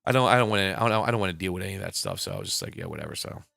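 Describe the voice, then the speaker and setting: Low, gravelly man chatting on a stream. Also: huge pitch swings, very fast, a bit bright, dry recording. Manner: rambling and laid-back, swears casually. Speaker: reptile keeper and live streamer. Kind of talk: casual live-stream chat. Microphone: computer mic at a desk. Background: faint background music.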